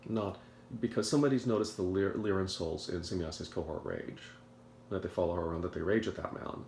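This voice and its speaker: A man giving a rambling morning monologue to a video audience, halting and repeating words as he goes. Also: deep voice, fairly even intonation, a little mellow, roomy sound, a little hiss or hum. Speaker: video commentator.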